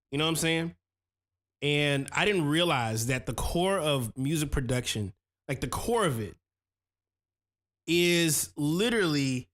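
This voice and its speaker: A man's voice: a little high, a bit bright. A man in his thirties hosting a casual stream, reading viewer comments aloud and talking loose and slangy about making beats. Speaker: host reviewing viewer beats. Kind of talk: casual livestream chat.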